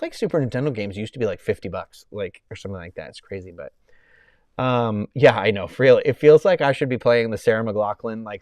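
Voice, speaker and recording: A man in his thirties chats casually on a live stream, rambling and often cutting himself off mid-sentence to warmly thank viewers who donate. His voice is mid-range, with no echo.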